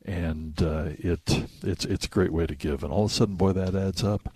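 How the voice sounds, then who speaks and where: A man hosting a casual radio chat about movies, telling the story with animated acted-out quotes. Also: low-pitched, normal speed, husky, dry recording. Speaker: radio host.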